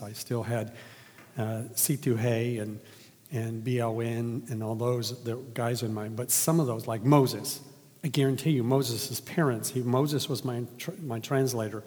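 A man with a medium-pitched, somewhat dark voice preaches a sermon in a conversational way, sounding like he's in a big room. He asks the congregation questions and then reads from scripture.

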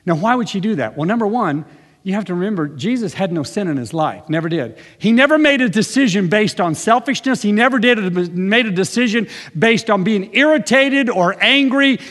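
A man's voice: sits high, expressive, fairly quick, a bit bright, big-room sound. A man preaching a sermon earnestly, with conversational asides. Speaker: pastor.

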